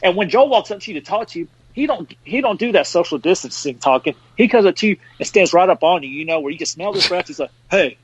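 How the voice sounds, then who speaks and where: A man hosting a podcast, telling stories in casual chat with animated bursts and laughs mid-sentence. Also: high voice, fast, few pauses, husky. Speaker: podcast host. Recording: dull lo-fi dry sound.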